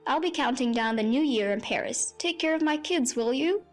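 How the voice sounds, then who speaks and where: A woman's voice: sits high, normal speed, faint music behind, natural voice. A woman putting on a pushy, scornful entitled mother. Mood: dismissive. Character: entitled demanding young mother.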